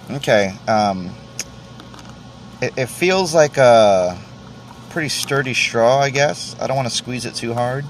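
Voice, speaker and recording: A man's voice: medium pitch, noisy background. Rambling, swearing podcast man. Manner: rambling, self-deprecating, swears often, many restarts. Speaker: podcast host. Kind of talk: casual solo podcast rant.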